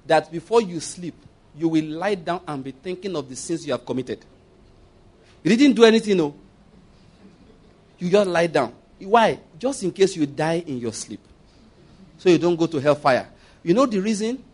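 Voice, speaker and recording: Man preaching, slightly higher voice, emphatic storyteller, jokes and quotes. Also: darkish tone. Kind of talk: sermon.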